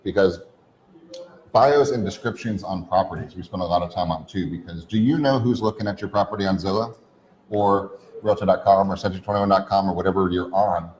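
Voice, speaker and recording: Low-voiced guy co-hosting a podcast, rattling off coaching points in long lists. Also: a little mellow, rough recording. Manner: coaching, rapid run-on lists. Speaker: podcast co-host. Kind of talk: casual chat.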